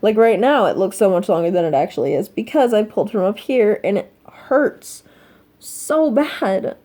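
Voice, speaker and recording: Soft halting teenage girl vlogging. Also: medium pitch, animated. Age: teens. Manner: soft, halting, emotional, many fillers. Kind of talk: personal confessional vlog.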